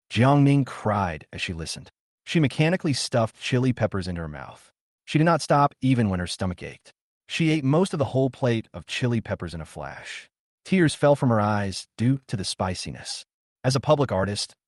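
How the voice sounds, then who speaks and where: A man narrating a scripted drama story in a steady storytelling manner. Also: fairly low pitch, no echo, clean studio sound.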